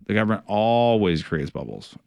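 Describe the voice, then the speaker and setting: A man's voice: lowish voice, big pitch swings, normal speed, creaky, a little mellow, dry recording. A middle-aged man, a financial advisor hosting a radio show, talking casually with many fillers, restarts and some wry sarcasm.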